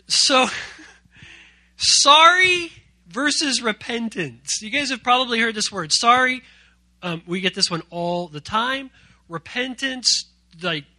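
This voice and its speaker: A man's voice: high-pitched, bright, forceful tone, dry recording. A man preaching a youth sermon as pastor, playful and jokey, quizzing his young audience.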